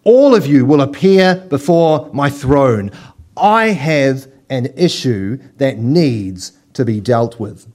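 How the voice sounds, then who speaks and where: A man's voice: mid-range voice, lively intonation, takes it slowly, a little mellow. A man voicing God as a stern judge summoning people to court, in a commanding tone.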